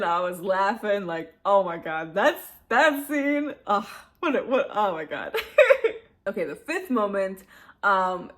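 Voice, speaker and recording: A woman's voice: fairly low pitch, fairly bright tone. A young woman vlogging about a movie in a casual chat, gushing and giggling with lots of fillers.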